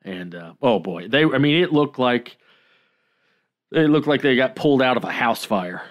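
A man co-hosting a podcast, telling a story in a relaxed way with many pauses and self-deprecating laughs. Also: mid-range voice, muffled recording. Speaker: podcast co-host. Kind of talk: casual chat.

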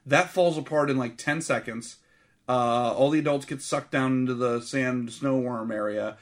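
A man's voice: medium pitch, normal speed. A man co-hosting a casual movie podcast, recapping the plot in a blunt, profane storytelling way.

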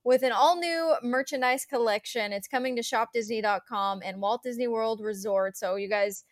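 A woman co-hosting a casual podcast, enthusiastic and quick to laugh as she shares shopping news. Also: on the high side, no room sound, studio quality. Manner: enthusiastic, giggly. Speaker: podcast co-host. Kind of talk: casual chat.

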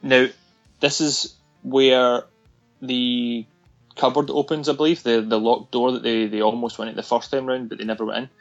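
A man's voice: mid-range voice, lo-fi sound. A man talking casually about a film, animatedly retelling scenes and acting out the lines.

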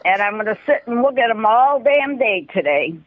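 A woman's voice: a little high, sing-song, normal speed. A woman in her eighties with a Chicago accent, leaving an effusive, swear-filled voicemail. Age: 80s. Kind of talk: voicemail message. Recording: muffled phone voicemail.

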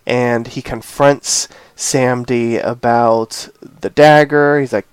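A man's voice: medium pitch, steady tone, takes it slowly, few pauses, smooth, no room sound. A male host retells a TV episode in a loose, meandering way, leaning on filler phrases as he goes. He takes his time and gives his opinions with emphasis. His voice is recorded close and dry, with no room sound. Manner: rambling retelling full of "you know" and "this, that, or the other". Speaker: podcast host. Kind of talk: casual chat recapping a TV episode.

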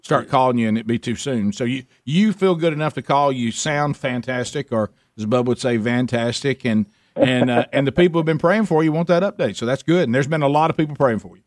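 A man's voice: mid-range voice, a little fast, no echo. Guy hosting a radio talk show, laid back folksy chatter, dry mic.

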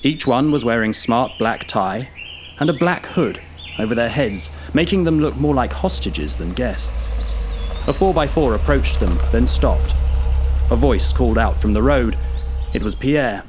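A man narrating a story in a measured, grave and vivid way. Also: medium pitch, animated, noisy background.

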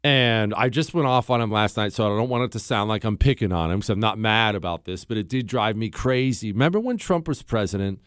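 A man hosting a talk radio show, chatting casually with quick asides and frequent chuckles. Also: fairly low pitch, a bit bright, clear, resonant tone, no echo, clean studio sound. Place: radio studio.

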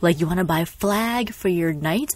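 Young woman on a podcast, lowish voice, dry close sound, acts out everything she quotes. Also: normal speed, no room sound. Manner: animated storyteller, acts out quotes, laughs often. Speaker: podcast co-host. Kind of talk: casual chat.

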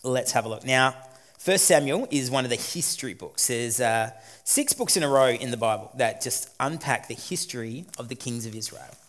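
A pastor preaching a sermon, moving between quiet reflection and loud emphatic points. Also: male voice, mid-range voice, lively intonation, moderate pace. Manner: dynamic, swings from quiet to emphatic.

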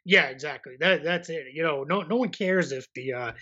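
A man chats casually on a sports podcast, rambling and easygoing as he circles his point. His voice sits a little high for a man. The audio is slightly dull and lo-fi. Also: moderate pace, sharp tone, slightly rough. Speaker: podcast co-host. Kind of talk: casual basketball podcast chat.

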